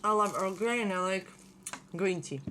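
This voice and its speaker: A woman's voice: medium pitch, normal speed, pushed and bright, slight background noise. A woman with a slight Russian accent, chatting casually and agreeably at a home meal. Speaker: channel host. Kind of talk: casual mukbang chat. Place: home dining table.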